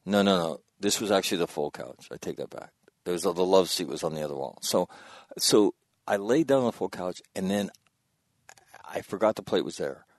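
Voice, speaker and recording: Deep, gravelly man in his sixties. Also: animated, fairly quick, no room sound, clean studio sound. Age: 60s. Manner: rambling, self-correcting storyteller who laughs at himself. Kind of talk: casual anecdote telling.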